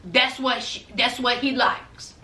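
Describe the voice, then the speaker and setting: A woman voicing a blunt, scornful middle-aged mother with a flat, disapproving drawl. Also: on the high side, takes it slowly, far from the mic, voice pushed down. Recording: roomy echo.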